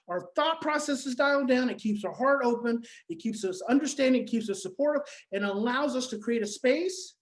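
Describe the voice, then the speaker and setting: A woman's voice: fairly high pitch, poor audio. Emphatic woman teaching parents. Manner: repetitive, emphatic, swings between loud and soft. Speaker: parenting educator. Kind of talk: motivational teaching talk.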